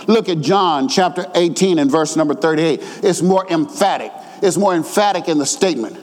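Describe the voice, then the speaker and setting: A long reverb, as if from a big hall, rings around a high-pitched man preaching a sermon. He swings between quick conversational asides and shouted, nearly sung lines, often repeating words for weight.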